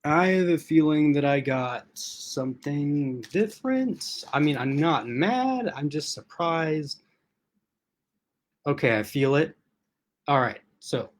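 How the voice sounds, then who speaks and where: A man's voice: fairly high pitch, big pitch swings, slow. A man hosting a casual livestream unboxing from his laptop, rambling and chatty with lots of fillers, restarts and laughs. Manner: laughs often. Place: at home in front of a laptop.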